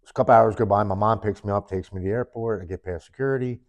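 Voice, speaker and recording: Guest, man, very low voice, earnest first-person storytelling in the present tense, sit-down interview. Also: rapid-fire. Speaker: podcast guest. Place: studio, in person with hosts.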